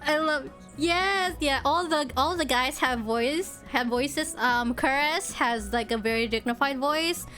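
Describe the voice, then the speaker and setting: A woman's voice: sits high, a little slow, few pauses, sharp tone, soft background music. A young woman streaming a visual novel, reading its narration aloud and chatting casually with viewers, giggling often between words.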